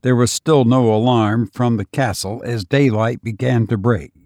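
A man reading a story aloud in a steady, unhurried way. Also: mid-range voice, no room sound, studio quality. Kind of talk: storybook narration.

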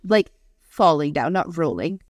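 A woman's voice: low-pitched, big pitch swings, a little slow, dry recording, clean studio sound. A woman in her thirties, co-hosting a podcast, telling a frank personal story in casual chat and swearing freely. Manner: candid, swears freely, acts out voices in anecdotes. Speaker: podcast co-host.

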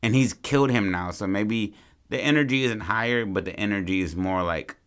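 A man's voice: fairly low pitch, normal speed, a bit bright, clear, resonant tone. A man co-hosting a podcast, brainstorming a story in casual, rambling, profane chat. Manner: rambling, profane, acts out characters. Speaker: podcast co-host.

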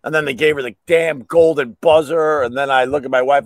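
A man's voice: medium pitch, fairly even intonation, a little fast, few pauses, no echo. Middle-aged man, podcast host, rambling comic storyteller, mid-range voice, dry close sound. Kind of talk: casual solo chat.

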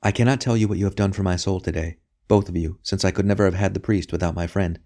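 A man voicing a weary captive queen who speaks softly and calmly with quiet dignity. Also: low voice, quick pace. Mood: earnest. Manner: soft, quiet and unruffled.

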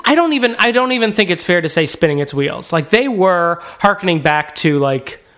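A man co-hosting a casual comedy podcast, sarcastic and quick to swear and laugh. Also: high voice, animated, fairly bright tone. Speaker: podcast co-host.

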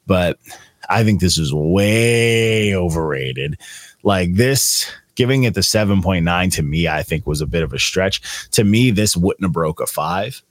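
Deep-voiced and animated but a little slow, this young podcast co-host rambles casually about albums in a slangy, profane, laid-back way full of fillers. The studio sound is clean, with no room sound.

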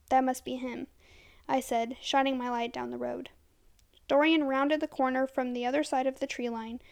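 High, gravelly woman reading a horror story. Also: a little mellow.

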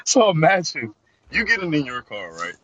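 A man's voice: on the high side, wildly swooping pitch, moderate pace, low-quality recording. Guy cohost goofing around, laughs a lot, voice bouncing up and down, crowd noise behind. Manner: laughing often, acting out silly scenarios. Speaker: podcast co-host. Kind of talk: casual comedic chat.

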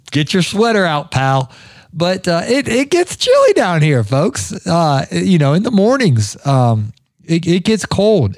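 A man's voice: a little high, a little mellow, dry recording, clean studio sound. A man hosting a podcast, telling stories in a chatty, rambling way with lots of fillers. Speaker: podcast host. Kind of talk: casual spoken monologue. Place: lives in Georgia.

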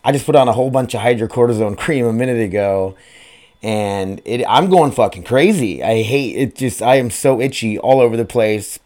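A man's voice: medium pitch, moderate pace, darkish tone. A man, hosting his own podcast in a rambling, profane, self-deprecating chat. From Grand Forks, North Dakota. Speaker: podcast host. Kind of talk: casual solo podcast chat.

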